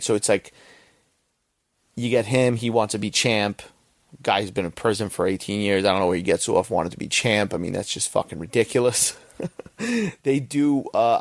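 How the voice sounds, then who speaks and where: Low gravelly man reviewing a movie. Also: dry recording. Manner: rambling, profane, frequent "right?". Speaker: podcast host.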